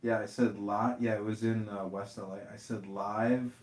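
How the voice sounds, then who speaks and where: A man in casual chat, telling profane, animated stories as the host. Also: fairly low pitch, normal speed, distant mic. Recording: roomy echo.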